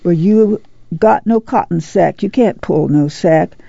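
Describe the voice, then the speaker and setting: A reader plays a tired but unbending older farm mother, her gravelly, dark voice giving firm orders in a plain rural drawl. The audiobook recording is dull and dry. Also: lowish voice, unhurried, no room sound, heavily acted. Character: weary, determined farm mother.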